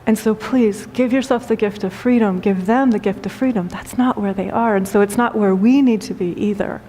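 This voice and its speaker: A woman spiritual teacher giving a talk and telling a story, speaking gently with repeated phrases and frequent laughter. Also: mid-range voice, normal speed. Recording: long hall reverb.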